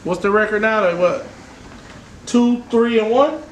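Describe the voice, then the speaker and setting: High-voiced man talking loud sports trash. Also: a little slow. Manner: loud, joking trash talk. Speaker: podcast host. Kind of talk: casual sports chat. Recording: echoey room with faint noise.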